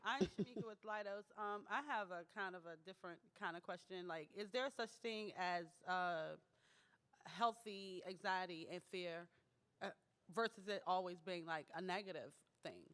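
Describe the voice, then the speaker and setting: A woman from the audience asking the panel a question, softly and with some hesitation. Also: lowish voice, normal speed, clear, resonant tone, big-room sound. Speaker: audience member.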